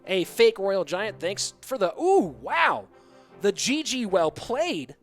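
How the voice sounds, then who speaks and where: A man casting a live online game tournament, calling plays and chatting with viewers in an excitable way. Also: sits high, measured pace, faint music behind. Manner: excitable, hyped shout-outs to viewers. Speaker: esports caster and streamer. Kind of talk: live game commentary reading chat.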